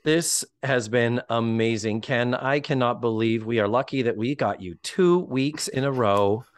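A man hosting a podcast in casual chat, animated and swearing freely as he acts out quotes. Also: medium pitch, unhurried, clean tone, dry recording. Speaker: podcast host.

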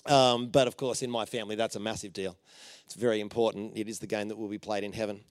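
A man preaching a conversational sermon, telling stories with playful jokes and asides, and dropping to a soft voice for emphasis. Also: fairly low pitch, fairly even intonation, fast talker, dry recording. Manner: informal and joking, with many fillers and playful asides.

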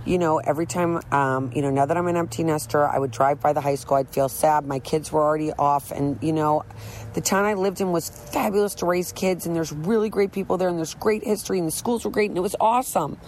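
A woman's voice: low-pitched, a little fast, a little mellow, a little hiss or hum, poor audio. A middle-aged woman talking candidly about her recovery from drinking, earnest and rambling, often restarting her sentences. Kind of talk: candid personal monologue.

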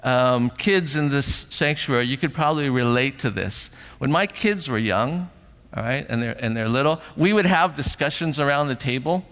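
A middle-aged man preaching a sermon as pastor in a church sanctuary, animated, acting out voices and asking rhetorical questions. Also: medium pitch, moderate pace. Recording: long hall reverb.

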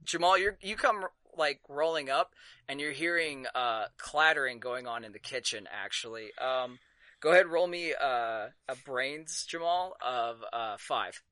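A man narrating as game master of a tabletop game, halting with many fillers and quick to laugh. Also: mid-range voice, animated, sharp tone, no room sound.

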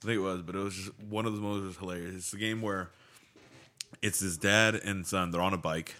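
Young male co-host, low voice with a bright edge, swinging pitch, easygoing. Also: steady tone, a little fast. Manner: laid-back, says "man" and "dude", bursts into laughter. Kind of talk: casual chat.

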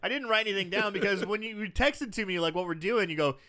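A man's voice: high voice, fast talker, sharp tone. A man co-hosting a casual chat about a film, easygoing and chiming in with jokes.

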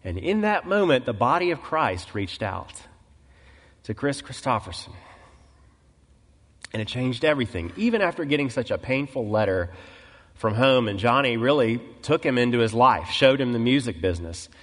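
A male pastor preaching a sermon, telling a story and acting out the quoted voices, clearing his throat often. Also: mid-range voice, sing-song, moderate pace, a bit bright, long reverb tail. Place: church sanctuary.

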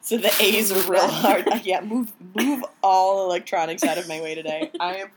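A playful woman from Michigan chats casually on a podcast. She laughs often and puts on little voices for quoted lines. Her voice sits at a middle pitch. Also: steady tone, normal speed, background noise. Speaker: podcast co-host. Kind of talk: casual chat.

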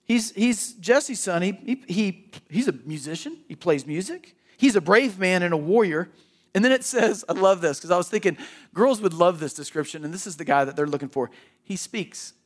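A man's voice: high-pitched, expressive, moderate pace. A man preaching a sermon in a church, conversational and emphatic, often restarting and repeating words. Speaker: pastor.

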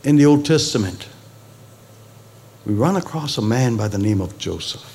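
A male pastor preaching a sermon, with sudden high emphatic peaks and conversational asides to the congregation. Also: expressive, moderate pace, a little mellow.

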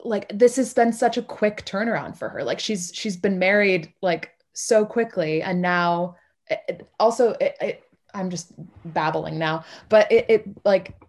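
A woman's voice: mid-range voice, unhurried. Brief: talkative woman musing over a play, loose and rambling. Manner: rambling, full of "like" and restarts. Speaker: play reading participant. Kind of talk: casual literary discussion.

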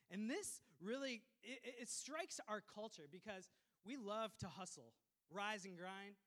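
A pastor from Minnesota preaching a sermon, lively and joking, with quick asides to the congregation. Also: male voice, high voice. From Minnesota, USA.

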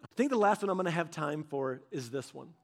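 A man preaching a sermon, telling stories with animated delivery and acting out quoted voices. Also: a little high, fairly quick.

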